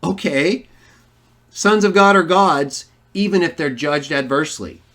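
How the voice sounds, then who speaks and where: A man's voice: a little high, a little slow, a bit bright. A man giving a polemical Bible lesson, arguing emphatically and posing rhetorical questions to his listeners. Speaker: online Bible teacher.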